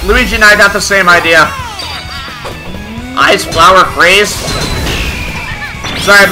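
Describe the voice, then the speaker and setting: A man hosting a gaming video, giving excited let's-play commentary with loud, reactive exclamations. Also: sits high.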